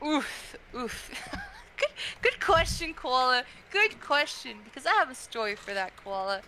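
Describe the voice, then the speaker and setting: A young adult woman chatting casually on a podcast, telling a story in a chatty, animated way with many fillers. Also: sits high, a little slow, a little hiss or hum, low-quality recording.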